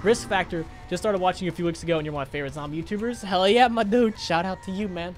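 A man's voice: high voice, racing, soft background music. A young man chatting on a gaming livestream, rambling and swearing as he retells a sad film and reads out chat donations. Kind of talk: casual live-stream chat.

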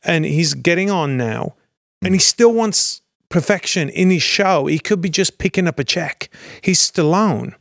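Animated British storyteller, middle-aged, gravelly tone, dry studio mic. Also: male voice, fairly high pitch, a little slow, no room sound. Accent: British English. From Britain. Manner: animated storyteller, laughs often. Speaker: actor guest. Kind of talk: casual anecdote telling.

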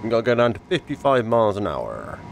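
Lively guy chatting thru a vr game, kinda tired and coughy, faint hum behind. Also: on the low side, fast, gravelly. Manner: excitable, chatty, giddy. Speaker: gaming video creator. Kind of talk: casual gameplay commentary. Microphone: wearing a VR headset.

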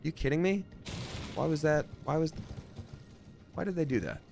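A man with a somewhat high, gravelly voice talks at a moderate pace over a noisy background while playing a game on a live stream. Chatty and jokey, he reads out viewer donations, swinging animatedly between mumbling and bursts of excitement.

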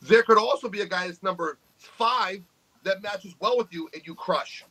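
Brash profane man, high bright voice. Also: moderate pace, low-quality recording. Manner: profane, brash trash talk. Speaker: podcast co-host, arm wrestler. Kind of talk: casual podcast chat.

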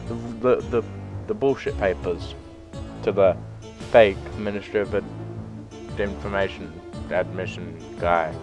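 A man giving sweary, excitable let's play commentary, breaking into loud yelps between muttered remarks. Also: deep voice, a little slow, over music. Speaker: gaming YouTuber.

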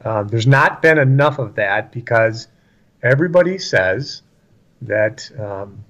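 A man's voice: mid-range voice, animated, unhurried, a bit bright, lo-fi sound. Emphatic man preaching in conversation. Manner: emphatic, repeats lines for stress, acts out quotes. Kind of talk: religious discussion, casual and preachy.

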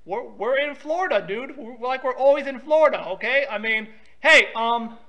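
A man's voice: very high voice, normal speed. A man making a prank phone call, pushy and talking over the other person. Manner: pushy, talks over the other person, says "dude" a lot. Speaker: prank caller.

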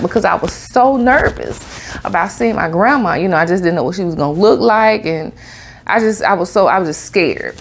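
A woman vlogger telling a personal story to camera in a casual, animated way, laughing often. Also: on the low side, brisk, vocal fry, breathy edge. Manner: animated, laughs a lot, Southern US slang.

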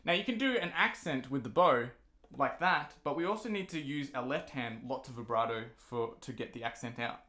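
A man's voice: mid-range voice, normal speed, pushed and bright. A man teaching a violin lesson, patiently explaining each step between passages he plays. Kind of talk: instrumental lesson. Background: violin playing.

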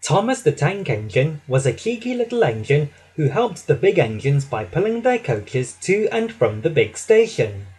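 A man reading a children's story aloud with an expressive storytelling delivery. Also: a little high, moderate pace, few pauses, husky, low-quality recording. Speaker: storybook reader.

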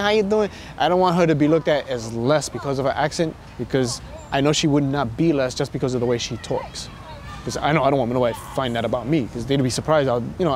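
Brooklyn guy, rapid animated talker, faint outdoor traffic behind. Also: medium pitch. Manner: animated, acts out quoted exchanges. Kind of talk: casual interview.

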